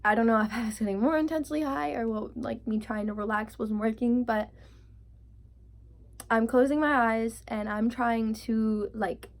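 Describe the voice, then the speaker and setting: A young woman in her twenties tells a storytime vlog in a chatty, animated way, with a lot of "like" and her own panicked lines acted out. Her voice sits slightly high for a woman. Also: moderate pace. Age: 20s. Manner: heavy use of filler "like". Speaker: vlogger.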